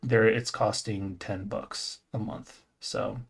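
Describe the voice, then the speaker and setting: A man's voice: fairly low pitch, flat delivery, slow pace, breathy edge. A man co-hosting a casual podcast, rambling and correcting himself, laughing often and swearing casually. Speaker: podcast co-host. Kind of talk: casual gaming podcast chat.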